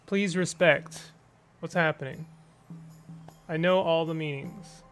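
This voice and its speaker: A man's voice: a little high, fairly even intonation, takes it slowly, a bit bright, soft background music. A man giving casual let's play commentary with joking, sarcastic asides. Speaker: gaming streamer.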